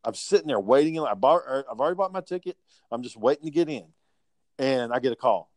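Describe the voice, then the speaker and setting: Profane, animated male storyteller, dry sound. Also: medium pitch, quick pace, dry recording. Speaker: podcast guest telling work stories. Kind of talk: casual chat.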